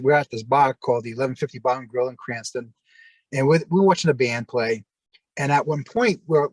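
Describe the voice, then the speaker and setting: A man telling long personal stories in a rambling, halting way, full of restarts. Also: medium pitch, no room sound. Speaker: interview guest. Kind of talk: casual storytelling.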